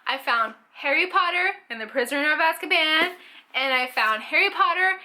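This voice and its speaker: A young woman from Canada talks through a casual book haul vlog. Her voice sits high and sounds sharp and bright. She chats eagerly, full of likes and ums. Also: expressive, normal speed. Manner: chatty, enthusiastic, lots of fillers. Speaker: book vlogger.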